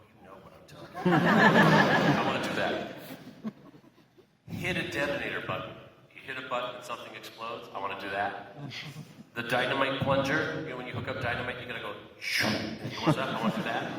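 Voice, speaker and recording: A man answering fan questions at a convention in a chatty, playful way, often laughing. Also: mid-range voice. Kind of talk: casual live Q&A. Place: large convention hall. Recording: echoey hall, far-off mic, noisy.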